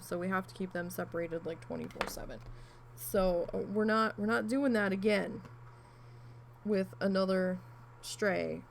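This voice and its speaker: A woman with a gravelly, creaky voice at a middle pitch tells a long story in a loose, chatty way. She rambles with asides and swears now and then. A faint background noise sits under her. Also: rough recording. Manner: rambling, chatty, animated retelling with frequent asides and mild swearing. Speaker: crafting vlogger. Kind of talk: casual storytelling while needle felting.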